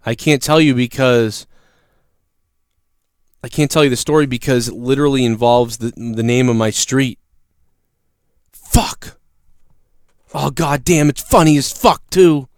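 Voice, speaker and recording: A man hosting a casual livestream, telling stories in a profane, animated way. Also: mid-range voice, moderate pace, no echo, studio quality. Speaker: livestream show host. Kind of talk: casual ranting livestream chat.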